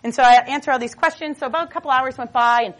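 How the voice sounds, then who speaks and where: A woman speaks from a stage as a motivational speaker, her voice sitting a touch high. She talks nonstop in a lively, storytelling way, dropping self-mocking jokes as she goes. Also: rapid-fire. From Boston. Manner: jokey, self-mocking asides. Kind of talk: stage talk.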